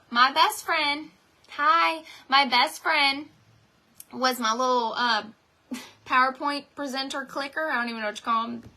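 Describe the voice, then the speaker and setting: Streaming live from home, a North Carolina direct sales team leader talks directly to her viewers in a loose, rambling, motivational way. She has a high-sitting, bright voice with a forceful tone.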